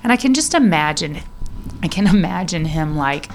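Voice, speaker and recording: A woman co-hosting a casual faith podcast, telling Bible stories with animated asides and many "you know"s. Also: lowish voice, normal speed, a little hiss or hum. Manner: animated storyteller, reads scripture aloud, frequent "you know". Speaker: podcast co-host.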